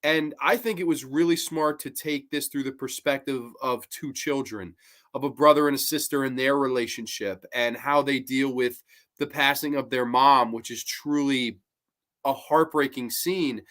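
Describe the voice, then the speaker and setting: A man's voice: medium pitch, fairly even intonation, normal speed, a bit bright. A man hosting a podcast in casual chat, earnest and emphatic, with frequent restarts. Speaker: podcast host.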